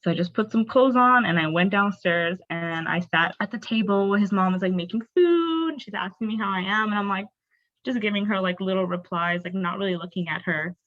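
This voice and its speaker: A woman's voice: medium pitch, fairly quick. A young adult woman, a podcast guest, telling her personal story candidly and expressively, with lots of "like" fillers. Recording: dull, dry, lo-fi sound.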